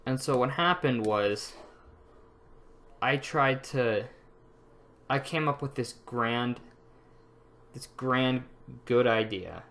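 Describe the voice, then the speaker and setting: A man's voice: mid-range voice, slow, long pauses, fairly bright tone. Young man rambling through stories. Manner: rambling, frequent fillers and restarts, laughs at own stories. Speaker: vlogger. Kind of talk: casual storytelling.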